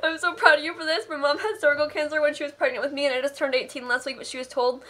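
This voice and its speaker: Tearful high-voiced young woman streamer. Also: steady tone, racing, sharp tone. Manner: tearful, laughing through tears; gushing, affectionate thanks. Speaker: streamer reading out donations. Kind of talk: live charity stream.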